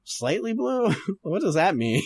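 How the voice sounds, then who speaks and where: A man's voice: sits high, slightly rough. Chatty man who laughs a lot. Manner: laughs often, sidetracked, swears casually. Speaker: podcast host reading a story. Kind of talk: casual chat and story reading.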